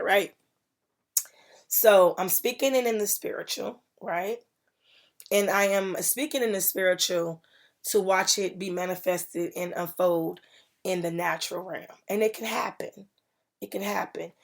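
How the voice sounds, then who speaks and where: A woman's voice: mid-range voice, vocal fry. A woman hosting a faith-based motivational podcast, preaching and repeating key phrases for emphasis. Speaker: podcast host.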